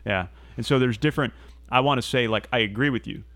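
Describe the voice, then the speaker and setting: A man's voice: mid-range voice, quick pace, fairly bright tone, dry recording. A man co-hosting a podcast in a loose casual chat, laid-back, often saying "dude" and swearing. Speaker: podcast co-host.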